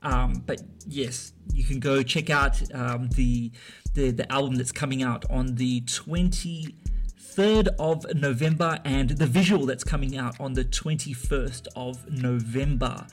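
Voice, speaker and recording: A man's voice: mid-range voice, fairly even intonation, unhurried, faint music behind. A man hosting a casual radio show, talking in a rambling, hesitant way with many fillers and restarts. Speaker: radio host. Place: radio studio.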